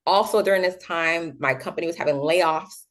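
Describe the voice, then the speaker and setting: A woman's voice: on the low side, brisk. Chatty young woman telling her story. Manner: animated, acts out quoted voices, many fillers. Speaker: guest. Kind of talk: casual interview storytelling.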